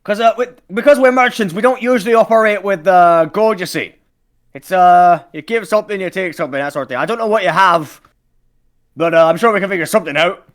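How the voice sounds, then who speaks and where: A jolly merchant sailor haggles in a folksy, drawn-out drawl, as a man puts him on. The voice sits well above his normal pitch and comes out loud. Every line is strung together with hesitant "uh"s. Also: clear, resonant tone. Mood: bargaining.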